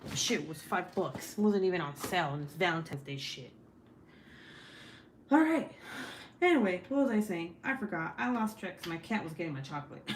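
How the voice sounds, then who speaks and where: A woman's voice: on the low side, expressive, quick pace, hardly any pauses, slight background noise. A young woman hosting a crafting stream at home, chatting bluntly with lots of swearing and laughter. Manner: blunt, profane and laughing often. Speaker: crafting livestream host. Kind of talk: casual chat while crafting. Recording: echoey room.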